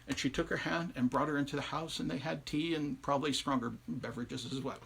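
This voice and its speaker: A man telling a folktale live, conversational and animated, with asides to his listeners. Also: fairly high pitch, fast, gravelly, few pauses, breathy edge. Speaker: storyteller. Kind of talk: oral folktale telling on a livestream.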